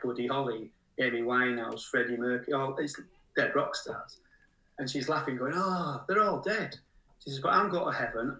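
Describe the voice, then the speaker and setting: A man's voice: medium pitch, pushed and bright. A man in his sixties, a musician guest, rambling through funny anecdotes and laughing at his own tales. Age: 60s. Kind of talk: casual anecdote telling. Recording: roomy sound from a distant mic.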